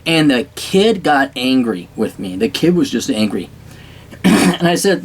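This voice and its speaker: A man delivering a casual ranting monologue, blunt and sarcastic, swearing often and clearing his throat between thoughts. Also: medium pitch, big pitch swings, moderate pace. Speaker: commentator.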